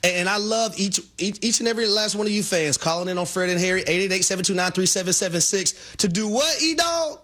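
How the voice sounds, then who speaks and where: A man co-hosting a call-in sports radio show, playful and animated, laughing often. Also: sits high, fast, few pauses. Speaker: radio co-host.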